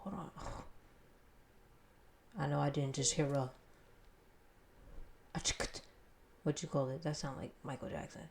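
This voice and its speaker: A woman's voice: sits low, fairly even intonation, moderate pace, vocal fry, pauses often. Chatty young woman reacting to music. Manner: chatty, laughs often, slangy asides. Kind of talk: casual album reaction chat.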